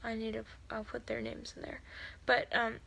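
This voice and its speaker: A woman's voice: a little high, monotone, normal speed, vocal fry, a bit bright. A woman giving a casual spoken recap of a novel. She rambles, uses lots of fillers and corrects herself, and sometimes drops to a whisper for asides. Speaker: video creator summarizing a novel.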